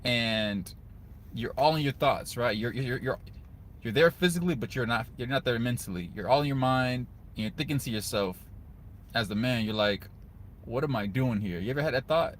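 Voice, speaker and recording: A man's voice: mid-range voice, expressive, moderate pace, a bit bright, slight background noise. Earnest man giving advice to camera. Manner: earnest, conversational, repeats "guys" and "right?". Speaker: video host giving advice to men. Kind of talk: casual motivational talk to camera.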